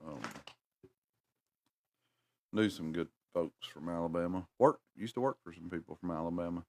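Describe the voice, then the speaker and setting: A middle-aged man with a North Carolina Southern accent speaks in a low voice at a normal pace. He's hosting a livestream, chatting casually with his viewers in a rambling, folksy way.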